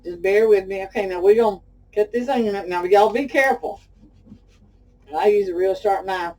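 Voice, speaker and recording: A middle-aged Southern woman from Texas hosts a homey cooking demo, calling her viewers "y'all" and drifting into chatty stories. Her voice is mellow and warm. It sits at a slight distance from the microphone. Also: mid-range voice, normal speed. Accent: Texan Southern. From Pasadena, Texas. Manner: folksy and talkative, addresses viewers as y'all. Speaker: cooking show host.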